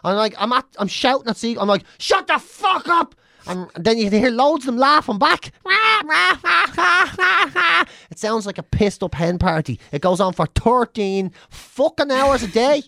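Sweary Dublin man, lively pitch. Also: fairly quick, few pauses, no echo, clean studio sound. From Ireland. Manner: sweary, exasperated storytelling. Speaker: podcast co-host. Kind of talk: casual chat.

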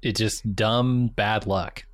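A man with a fairly low voice walks through an episode's plot on a recap podcast. He talks steadily with small fillers, recorded dry and close. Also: fairly even intonation, slow, dry recording. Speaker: podcast co-host. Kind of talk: casual recap chat.

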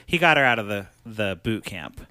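Podcast co-host, male, bright and clear tone, animated casual recap, dry close mic. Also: on the low side, normal speed, no room sound. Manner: animated, breaks into quoted voices while retelling. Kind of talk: casual chat.

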